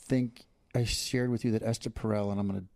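A man's voice: on the low side, steady tone, brisk, a little mellow, no room sound. A man co-hosting a casual couple's podcast, talking earnestly and reflectively, often restarting his sentences. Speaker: podcast co-host.

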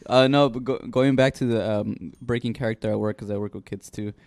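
A young man in his twenties tells stories on a casual podcast with an easygoing, mid-pitched voice. He chuckles as he goes and swears freely, keeping the tone relaxed and conversational. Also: a little fast, dry recording. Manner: laid-back storyteller, chuckling, cursing freely. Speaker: podcast co-host. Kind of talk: casual chat.

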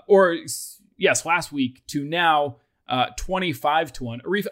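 A man hosting a sports podcast in casual chat, loose and self-deprecating as he reads out betting odds. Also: on the high side. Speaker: podcast host.

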